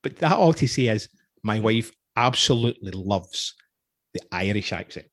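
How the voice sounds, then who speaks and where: A Scottish podcast host in his forties chats casually in a fairly low voice with lively intonation, at a normal speed. He rambles through anecdotes in an interview-style conversation, chuckling often. The studio sound is clean, with no room noise.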